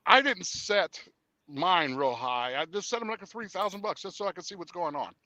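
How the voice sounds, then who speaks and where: Male guest, lively storyteller who acts out voices and trails off with fillers; bright tone, dry close sound. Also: high voice, normal speed, no echo. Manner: animated storyteller, acts out dialogue; hesitant with fillers. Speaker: interview guest. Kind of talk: casual conversation.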